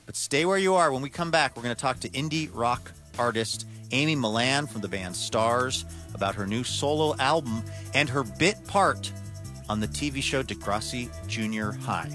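A man's voice: mid-range voice, moderate pace, sharp tone. Man hosting a radio show over music. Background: music bed.

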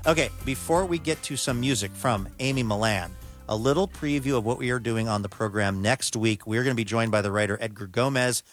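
A man's voice: mid-range voice, brisk. A man hosting a public radio show, introducing segments in a friendly, upbeat way. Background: music bed.

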